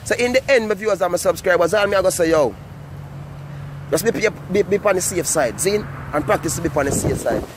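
Fast-talking Jamaican man, high voice. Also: lively intonation, background noise. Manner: rambling, fast patois talk with repeated "you know what I mean". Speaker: vlogger. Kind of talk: casual vlog monologue.

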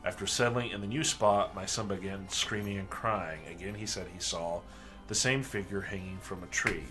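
A man at a tabletop mystery game, reading in-game statements aloud in a steady, measured way. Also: low voice, over music.

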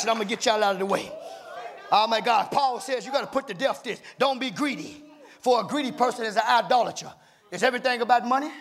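A male pastor preaching a sermon in a church, calling out to the congregation, often shouting and repeating "my God" and "baby". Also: extremely high pitch. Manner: call-and-response preaching, rising to shouts. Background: congregation responding.

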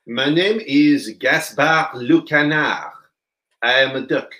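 A slow, proud little duck puppet voiced by a man speaks with a thick put-on French accent. His voice sounds roomy, as if from a home living room. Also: on the high side, sharp tone. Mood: cheerful.

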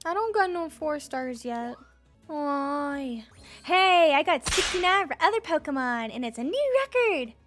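Young woman, high-pitched, unhurried, bubbly, jokey, squealy let's-play commentary, faint game music. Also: sing-song, a bit bright. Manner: bubbly, squeals and gasps at cute moments, jokey asides. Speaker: gaming video creator.

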